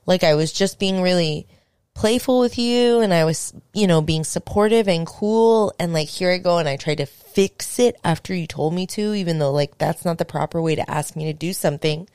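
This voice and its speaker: A young woman hosting a podcast, telling a story in casual chat, animated and swearing, acting out what people said. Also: on the low side, normal speed, clean tone, no echo, studio quality. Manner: animated, swearing, acts out quotes. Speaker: podcast host.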